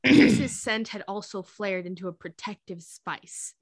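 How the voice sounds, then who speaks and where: A woman's voice: medium pitch, unhurried, dry recording, clean studio sound. A woman co-hosting a podcast, reading fanfiction aloud in a casual way with laughing asides.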